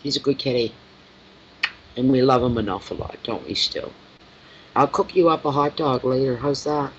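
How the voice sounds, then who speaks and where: A man's voice: medium pitch, fairly even intonation, a little fast. Man, tarot reader, casual rambling chat, baby talk to a pet, muffled recording, faint hiss. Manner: rambling, fond baby talk to his cat. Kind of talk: casual live-stream chat. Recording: dull lo-fi sound with faint noise.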